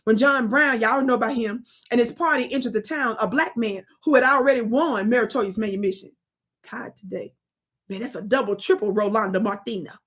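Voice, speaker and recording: A woman hosting a live stream, reading history aloud and calling out to her chat in an animated, preachy way. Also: a little high, brisk, husky. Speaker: livestream host.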